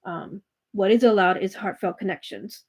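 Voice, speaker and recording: Gentle woman hosting a live stream. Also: medium pitch, normal speed, slightly rough. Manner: gentle, reassuring, with many fillers and restarts. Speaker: tarot reader and spiritual coach hosting a live reading. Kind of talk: live-stream chat with viewers.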